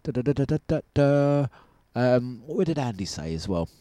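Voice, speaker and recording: Male radio host, chatty and animated, middle pitch, dry studio sound. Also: normal speed, no echo. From United Kingdom. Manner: chatty, animated storytelling with laughs. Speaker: radio breakfast show host. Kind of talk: casual on-air chat.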